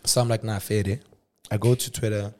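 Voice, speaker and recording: A young South African man hosting a show, telling a personal story casually and swinging from hushed asides to loud exclamations. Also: lowish voice, flat delivery, fairly quick. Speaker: podcast host.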